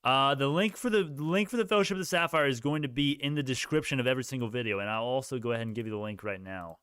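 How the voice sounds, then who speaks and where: A man's voice: medium pitch, rapid-fire, a bit bright, clear, resonant tone, no echo, clean studio sound. A man hosting a stock market live stream, answering viewer questions in a rambling, casual way while thinking aloud. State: sleepy, yawning. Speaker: stock livestream host.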